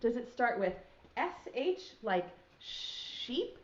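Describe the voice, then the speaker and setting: A young woman with a fairly high, sing-song voice takes it slowly as she teaches a virtual preschool class, and the audio is dull. She encourages the small children warmly and lengthens her sounds.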